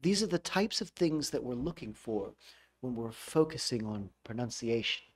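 A man's voice: mid-range voice, lively intonation, normal speed, noisy background. An American man teaching English pronunciation in a casual video lesson, repeating sounds to model them.

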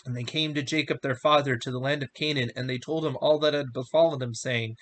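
A man co-hosting a podcast, reading a Bible passage aloud in a measured way, slowing down on solemn lines. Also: mid-range voice, fairly even intonation, fairly bright tone. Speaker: podcast co-host reading scripture.

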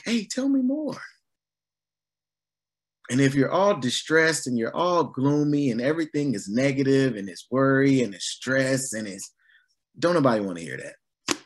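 A man preaching a sermon in a relaxed, conversational way, mixing everyday stories with gentle humor. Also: mid-range voice. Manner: animated and conversational, acting out lively quoted voices.

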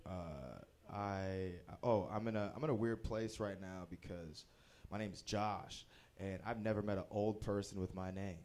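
A man's voice: deep voice, measured pace. A young man performing a stand-up comedy set, telling self-deprecating stories with playful shifts in his voice. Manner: animated, self-deprecating storytelling with playful voice swings. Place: small comedy venue at a bowling alley.

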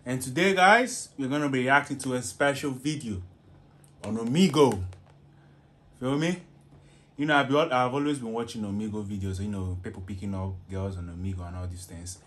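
A man hosting a reaction video, chatting casually in a relaxed, slangy way. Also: medium pitch, fairly quick. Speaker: reaction YouTuber.

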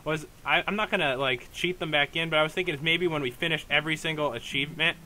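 Young male let's play host, bright and a bit high, rambling with fillers, faint noise behind. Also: quick pace. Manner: rambling, hesitant, many fillers and restarts. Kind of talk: casual gameplay commentary.

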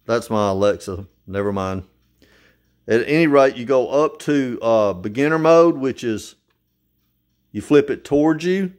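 A man's voice: mid-range voice, lively intonation, a little slow, darkish tone. An older man giving a casual, folksy how-to demonstration at home, plain-spoken and walking through each step. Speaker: hobbyist demonstrating a model plane.

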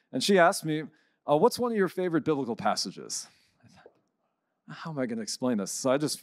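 A man, a priest, giving a conference talk and telling a story, lively and acting out the people he quotes. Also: mid-range voice, no room sound, clean studio sound. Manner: animated storyteller, acts out quoted voices.

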